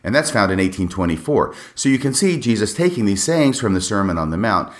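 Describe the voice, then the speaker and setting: A man hosting a solo podcast, explaining scripture passages in a measured way with wry asides. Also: lowish voice, big pitch swings. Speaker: podcast host.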